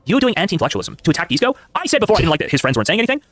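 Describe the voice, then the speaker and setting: A man's voice: sits high, big pitch swings, rapid-fire, fairly bright tone, no room sound. A man on a live stream ranting in exasperation, piling on complaints. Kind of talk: casual live-stream banter.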